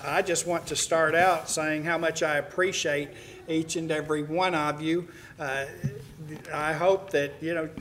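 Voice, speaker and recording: A man's voice: fairly high pitch, fairly bright tone, a little hiss or hum. A middle-aged man preaching to his congregation, telling a story in a folksy way with many "uh"s and restarts. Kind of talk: sermon to a congregation.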